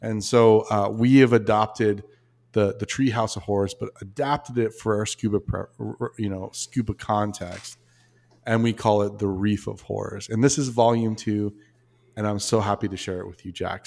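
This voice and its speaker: A man hosting a podcast, telling stories in a relaxed, rambling way. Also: on the low side, moderate pace, vocal fry. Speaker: podcast host. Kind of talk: casual storytelling chat.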